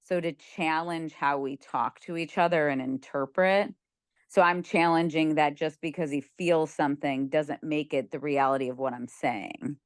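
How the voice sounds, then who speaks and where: A woman's voice: low voice, steady tone, moderate pace, no echo, clean studio sound. A young woman chatting casually on a video call from her bed, filling her talk with "like". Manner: chatty, many "like" fillers, laughs easily. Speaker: group member sharing. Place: lying on a bed at home.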